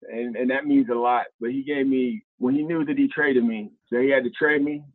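A former pro basketball player in his fifties from Ohio tells stories as a podcast guest, casual and slangy, animatedly acting out other people's lines. His mid-range voice moves a little fast with few pauses. It comes through a tinny, phone-like remote line, dry, with no room sound.

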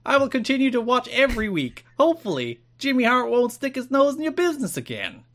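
A gushing, over-the-top male wrestling fan with a thick New Jersey accent, as a podcast host puts him on. The voice is pushed far above his usual register, and it comes out loud and eager. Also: sing-song, brisk, exaggerated voice. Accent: put-on New Jersey. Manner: high, loud, gushing letter reading.

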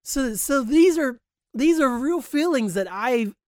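A man's voice: very high voice, expressive, measured pace, darkish tone, no echo, studio quality. Candid man in a heartfelt monologue. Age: adult, grew up past high school. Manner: candid, emphatic, swears freely. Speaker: podcast host. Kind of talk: personal monologue.

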